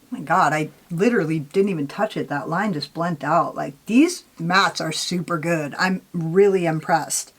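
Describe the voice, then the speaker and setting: A woman's voice: sits low, normal speed, breathy edge, faint music behind. A young woman vlogging a makeup tutorial in a chatty, candid way, swearing casually and saying "like" a lot. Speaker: beauty vlogger.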